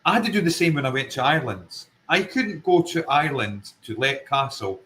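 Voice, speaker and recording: A man's voice: mid-range voice, animated, brisk, sharp tone, slight background noise, poor audio. A Scottish man with a Fife accent, a paranormal investigator guest talking earnestly and emphatically in a casual interview, often circling back to his point. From Scotland.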